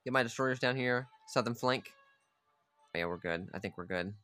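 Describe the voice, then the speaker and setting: A man's voice: medium pitch, moderate pace, sharp tone, soft background music. A man giving casual, profane gameplay commentary, chatting aloud and ordering his units around as he plays. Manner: chatty, swears freely, talks to his units. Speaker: gamer playing a strategy game.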